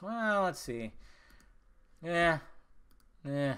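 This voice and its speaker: A man's voice: fairly high pitch, expressive, takes it slowly, long pauses, a bit bright, clean tone. Man rambling casually on a podcast. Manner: rambling, casual, profane, laughs often. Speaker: podcast host. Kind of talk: solo podcast monologue.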